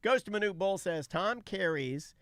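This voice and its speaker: A man with a slightly raised pitch, co-hosting a loose podcast chat. He teases his partner with quick questions and jokes, and the sound is dry and close on a studio mic. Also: animated, a bit bright, no echo. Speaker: co-host.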